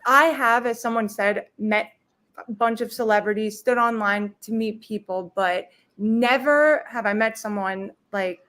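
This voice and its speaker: A woman's voice: a little high, a little slow, fairly bright tone. A woman guest telling her story in a casual, emotional way, fumbling over her words.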